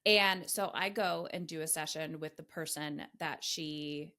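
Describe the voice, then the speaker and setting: A woman's voice: low voice, a little slow. A middle-aged woman hosting a podcast, telling a personal story candidly, with emphatic delivery and frequent swearing. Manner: emphatic, swears freely, animated retellings. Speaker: podcast host.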